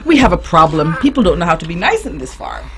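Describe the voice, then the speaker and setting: A woman reading a picture book aloud to a child on a radio show, stopping often to ask gentle questions and playing with animal sounds. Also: on the low side, sing-song, fast talker, background noise. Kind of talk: storybook reading with teaching questions. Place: radio studio.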